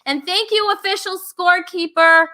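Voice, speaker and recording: This woman's voice sits high and bright as she hosts a comedy chat show. She talks casually, giggles a lot, and keeps things light and bubbly. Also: steady tone, moderate pace. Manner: giggly and bubbly, laughs often. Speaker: host.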